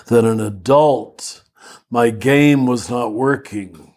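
An older man, a priest, telling stories in a slow, reflective conversation with some self-deprecating humor. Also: mid-range voice, a little mellow. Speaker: priest and teacher.

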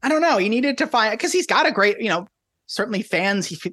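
Man, casual podcast co-host, dry self-mocking humor, slightly husky tone. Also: high voice, expressive, fairly quick, sharp tone. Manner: wry, self-deprecating, rambling asides. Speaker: podcast co-host, tennis editor.

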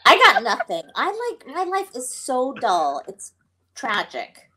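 A woman's voice: high-pitched, huge pitch swings, measured pace, sharp tone, breathy edge. A woman guest on a talk show, wry and self-deprecating. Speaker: guest actor. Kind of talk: casual chat.

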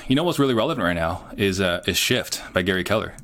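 This middle-aged man, a real estate entrepreneur, speaks fast and expressively in a low, fairly bright voice. As a guest in a casual interview, he comes across as earnest and plain-spoken, with frequent "you know"s.

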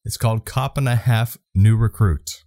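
A man's voice: lowish voice, moderate pace, warm tone. A man co-hosting a casual podcast, laughing often and blurting out swears. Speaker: podcast co-host.

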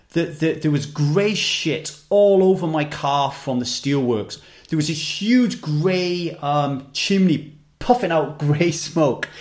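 A man from the UK telling a personal story with intensity, swearing freely and repeating himself as he talks. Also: on the high side. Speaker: podcast guest.

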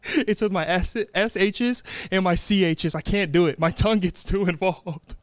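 A man's voice: high-pitched, moderate pace, dry recording. A young American man co-hosting a podcast in casual chat, playful and laughing through a mock confession. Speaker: podcast co-host.

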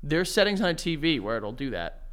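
A man's voice: a little high, very animated, fairly quick, a bit bright. A man co-hosting a podcast in casual chat, rambling and hesitant, filling his sentences with "like". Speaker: podcast co-host.

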